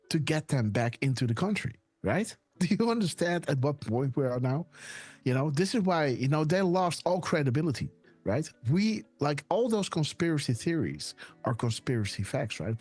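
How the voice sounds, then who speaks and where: A man hosting a casual live stream, talking excitedly and tossing "right?" and "guys" into nearly every sentence. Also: a little high, no echo. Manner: excited whoops and laughs. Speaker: host. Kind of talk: casual livestream commentary.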